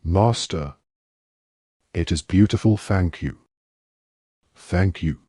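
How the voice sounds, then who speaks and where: A man's voice: sits low, slow pace, dark tone, slightly rough, no room sound, studio quality, heavily acted. A man voicing a cringing male servant who pleads and whimpers to his master, in an audiobook reading. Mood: pleading.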